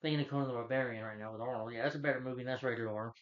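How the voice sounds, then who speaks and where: A man's voice: medium pitch, fairly even intonation, very fast, muffled recording. A man giving an unscripted rant of a movie review, blunt and rambling, who keeps repeating himself and dropping filler yeahs.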